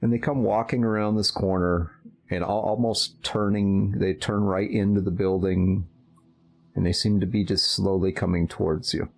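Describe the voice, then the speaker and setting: Male game master, deliberate and low, measured narration with pauses; faint music bed. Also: fairly even intonation, vocal fry, darkish tone. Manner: slow, measured, hesitant narration.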